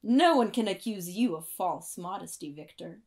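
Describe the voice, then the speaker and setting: A woman doing a calm, wry young man. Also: lowish voice, normal speed.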